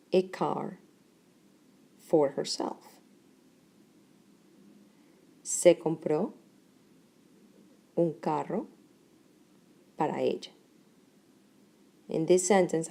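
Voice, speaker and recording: Slow, gravelly-voiced woman teaching grammar. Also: sits low, dark tone. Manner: slow, deliberate, pausing between short phrases. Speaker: Spanish teacher. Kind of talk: explaining grammar lesson.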